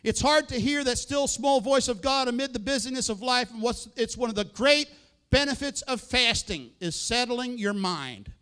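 A man's voice: very high-pitched, animated, moderate pace, pushed and bright, clear, resonant tone. A middle-aged male pastor preaching a sermon in a conversational way, full of rhetorical questions and quoted asides.

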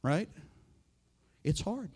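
High-pitched middle-aged pastor guy preaching, chatty, keeps asking the crowd questions. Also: sing-song, drawn-out words, darkish tone, husky. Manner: conversational preaching with rhetorical questions and quoted asides. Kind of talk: sermon.

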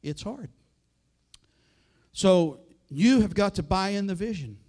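High-pitched middle-aged pastor guy preaching, chatty, keeps asking the crowd questions. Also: expressive, takes it slowly, a little mellow. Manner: conversational preaching with rhetorical questions and quoted asides. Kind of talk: sermon.

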